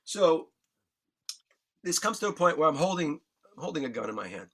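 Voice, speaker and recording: A man's voice: on the high side, very animated, moderate pace, a bit bright, breathy edge. Emotional New man telling his story. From New York. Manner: earnest, candid, swears freely, emotion audible in voice. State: choked up. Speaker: guest musician.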